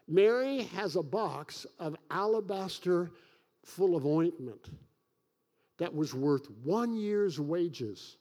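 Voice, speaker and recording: A high-pitched male pastor from Kentucky delivering a sermon. He preaches emphatically, slowing right down on key phrases, and drops in folksy jokes at his own expense. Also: big pitch swings, mellow. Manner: folksy, self-joking asides; emphatic preaching with dramatic slowdowns.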